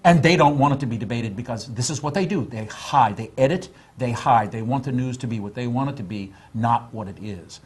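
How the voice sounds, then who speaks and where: A man's voice: medium pitch, a little fast, few pauses, slightly rough. A man speaking as a panel guest, passionate and full of fillers in casual talk.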